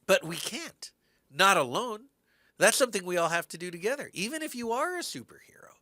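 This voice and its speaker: A man's voice: high voice, sing-song, brisk, bright, forceful tone, no room sound, clean studio sound. A man co-hosting a podcast, earnestly and animatedly recapping a TV show in casual chat. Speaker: podcast co-host.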